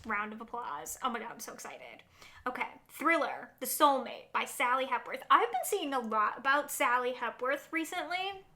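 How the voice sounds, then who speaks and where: Gushing, high-voiced young woman vlogger. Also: moderate pace. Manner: gushing, excitable, lots of "like" and "oh my God". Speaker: book vlogger. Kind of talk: casual vlog chat.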